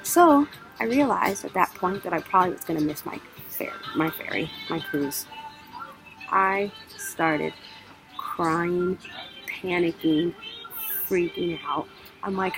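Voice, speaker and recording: A woman's voice: on the low side, slow pace, long pauses, faint music behind, rough recording. A young woman vlogger telling a travel story in a casual way, acting out her own panic. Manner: animated, acts out her own panic in quotes.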